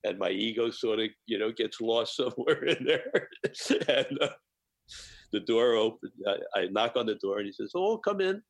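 Man with a deep husky voice, warm animated storyteller guest, dry close mic. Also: moderate pace, dry recording, poor audio. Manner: animated storyteller, laughs often. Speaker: guest chef. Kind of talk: personal anecdote in interview.

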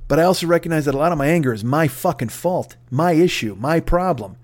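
Male podcast host, somewhat high voice, swearing and wry, rambling monologue. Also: fast. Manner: profane, digressive, wry. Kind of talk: casual comedic rant.

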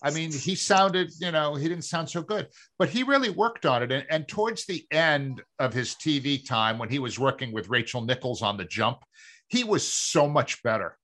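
A man's voice: a little high, animated, moderate pace, pushed and bright. A man from Massachusetts co-hosting a sports podcast, chatting casually and filling his talk with "you know". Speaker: podcast co-host.

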